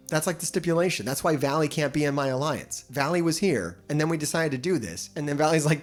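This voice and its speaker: A man chats loosely on a live stream, with a lively voice that climbs and drops. He swears freely and laughs often. Soft music plays faintly underneath. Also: fairly high pitch, fast talker. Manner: profane, rambling, laughs often. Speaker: livestream host. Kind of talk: casual live-stream chat.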